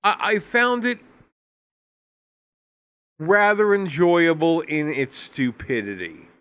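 A man with a smooth, somewhat high voice gives dry, deliberate film opinions. He speaks slowly, and the recording is dry and close. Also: lively intonation, a bit bright, no echo. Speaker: podcast co-host reviewing films. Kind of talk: casual chat.

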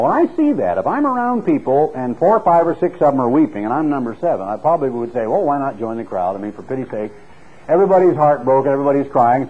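A middle-aged male preacher delivers a sermon in an earnest, storytelling way, his voice lifting for emphasis. The sound is slightly husky. It comes through a thin, phone-like radio recording. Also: a little high. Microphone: clip-on microphone.

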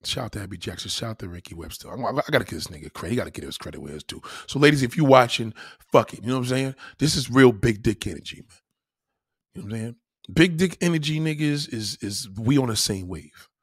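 This livestream host is a young man whose casual rant is blunt and full of profanity, with sentences often restarted. He talks fast and expressively in a husky, medium-pitched voice, and the studio-quality recording is dry.

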